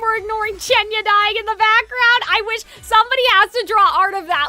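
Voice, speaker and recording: Young woman streamer, playful jokey commentary, very high bright voice, faint game music behind. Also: brisk.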